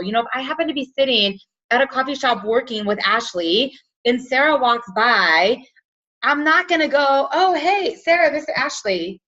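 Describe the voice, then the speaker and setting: A woman hosting and coaching a team call, animated, acting out little scenes with lots of fillers. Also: a little high. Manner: animated, acts out quotes, says like and you know a lot. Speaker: team leader and call host. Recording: muffled lo-fi call audio.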